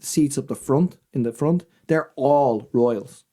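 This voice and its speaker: An Irish man, a comedian, telling anecdotes in a casual chat, animated and swearing freely. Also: medium pitch, takes it slowly. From Ireland. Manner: animated storyteller, swears freely, acts out voices in his anecdotes. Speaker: comedian guest.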